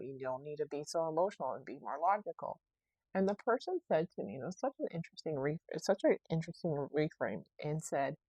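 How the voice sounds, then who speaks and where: Low-voiced woman musing on her podcast. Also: dry recording. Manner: rambling, self-correcting, reflective storytelling. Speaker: podcast host. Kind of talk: casual solo podcast monologue.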